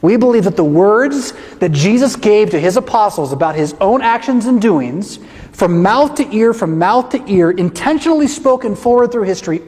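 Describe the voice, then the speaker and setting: A man's voice: high voice, darkish tone. Emphatic male pastor in an echoey hall. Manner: emphatic, with rhetorical questions. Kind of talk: teaching presentation to a congregation.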